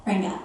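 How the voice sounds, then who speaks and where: A young woman, the bride, reading sincere vows with a husky voice after losing her voice. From Australia. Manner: warm, sincere vow reading. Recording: echoey distant venue sound with ambient noise.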